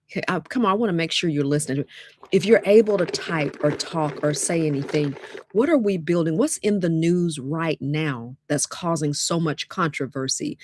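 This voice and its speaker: Woman, low voice, lively webinar host, dry close mic. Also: no room sound. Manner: lively, chatty, addresses audience as y'all. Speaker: webinar host and dating coach. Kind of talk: live webinar talk to viewers.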